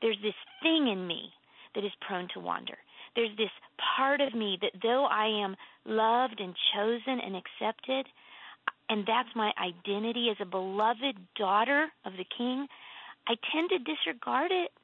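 Gravelly woman storyteller on a tinny phone-like line. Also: unhurried, no echo. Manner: earnest, animated storytelling with emphatic pitch lifts. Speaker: author and guest. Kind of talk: casual faith conversation.

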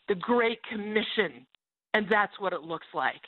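A woman's voice: medium pitch, lively intonation, unhurried, no room sound. A woman guest telling a personal story and then preaching with fervor, heard over a phone line. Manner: fervent, preaching. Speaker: guest author. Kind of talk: testimony with a sermon-like call.

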